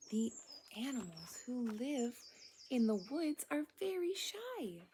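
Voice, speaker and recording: Slow, hushed woman reading to kids. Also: high voice, big pitch swings, a little hiss or hum. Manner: often hushed and whispery, with frequent gasps of wonder; points out things on the page, asking questions. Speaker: children's storybook reader. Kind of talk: reading a picture book aloud to young children.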